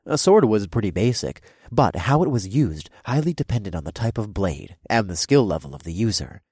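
Deep, husky male audiobook narrator. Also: moderate pace, dry recording, studio quality. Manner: expressive, wry storytelling. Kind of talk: first-person audiobook narration.

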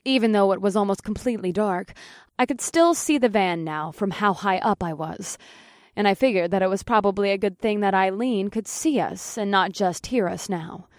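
A woman reading a first-person audiobook at a mid pitch, steady and matter-of-fact, with the odd curse dropped in. The recording is dry and close. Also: normal speed, no echo. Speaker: audiobook narrator. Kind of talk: first-person scripted narration.

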